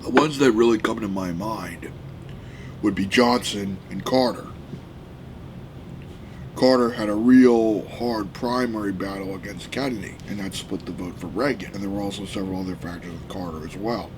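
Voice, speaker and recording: A man from the United States ranting heatedly about politics, profane and often shouting. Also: lowish voice, normal speed, noisy background. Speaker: political vlogger.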